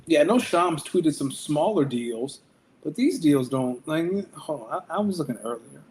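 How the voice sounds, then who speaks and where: A man's voice: on the high side, lively intonation, normal speed, darkish tone. Man, podcast co-host, casual chat, wry, faint background noise.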